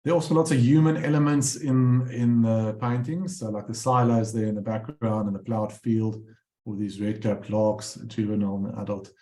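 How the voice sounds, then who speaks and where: A man's voice: lowish voice, fairly even intonation, moderate pace, warm tone, echoey room. A man presenting his bird paintings, telling rambling anecdotes with many fillers and restarts. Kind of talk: casual storytelling talk.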